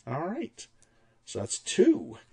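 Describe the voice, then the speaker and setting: Man, game master, tabletop narration, halting delivery. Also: fairly high pitch, wildly swooping pitch, creaky, darkish tone.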